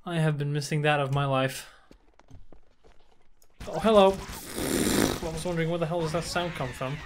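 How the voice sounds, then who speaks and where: A young man commentates his blind let's play of a shooter game, cursing, frustrated, and taunting the enemies on screen. His slightly high voice moves at normal speed against a noisy background.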